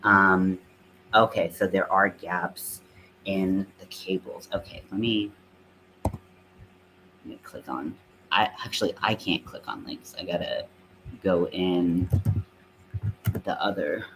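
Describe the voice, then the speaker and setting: A man with a Southern US accent crochets on a live stream while chatting casually, rambling with plenty of fillers and poking fun at himself. His deep voice is steady and slow, with background noise audible.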